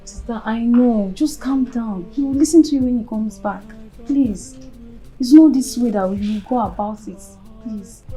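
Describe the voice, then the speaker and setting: A woman's voice: a little high, moderate pace, dark tone, faint music behind, close to an everyday voice. A woman playing a soothing sister figure. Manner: soothing, placating. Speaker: sister calming a friend down.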